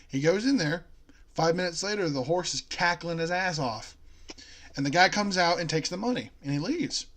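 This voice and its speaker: A man's voice: fairly high pitch, fairly quick, fairly bright tone. A young man chatting casually with a friend, laughing often and telling long jokes in which he voices the characters. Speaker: co-host.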